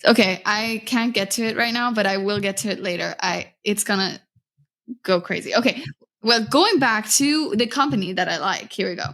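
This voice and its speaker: A woman's voice: medium pitch, moderate pace, fairly bright tone. An American woman hosting a trade podcast in casual chat, chatty and laughing often, sometimes losing her thread mid-story. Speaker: podcast host.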